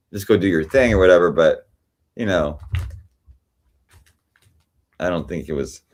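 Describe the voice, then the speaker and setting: A man with a very low voice rambles through a casual livestream chat, tired and swearing freely. He halts, repeats himself and restarts often as he talks. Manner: rambling, halting, many restarts and profanity. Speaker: livestream host.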